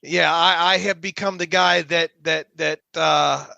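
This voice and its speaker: A middle-aged man with a high, gravelly voice chats loosely on a sports podcast, tripping over his words and joking. His tone is bright and edgy. The recording is dry and close. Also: fairly even intonation, a little slow, no room sound, dull audio. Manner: rambling, many fillers and repeated words, jokey. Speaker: podcast co-host. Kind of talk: casual sports podcast chat.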